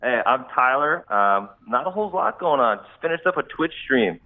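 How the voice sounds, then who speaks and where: A relaxed, joking man from Minnesota calls in over a thin, phone-like line. His pitch sits in a middle range, and his voice comes through narrow and tinny. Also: moderate pace. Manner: laid-back, joking. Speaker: caller. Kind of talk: casual phone-in chat.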